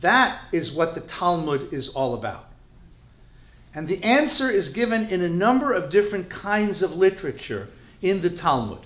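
Brief: man, rabbi teaching a class, joking and animated, fairly high voice, echoey room. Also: normal speed. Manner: animated, joking, drops Yiddish words. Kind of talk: lively lecture to a live class.

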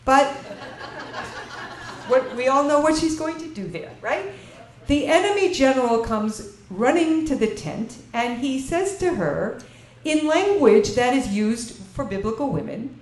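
A woman's voice: sits high, lively intonation, unhurried, darkish tone. A woman teaching a Bible class to an audience, asking them questions and reading verses in Hebrew before translating them. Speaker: lecturer. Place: lecture room with an audience. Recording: echoey room with faint ambient noise.

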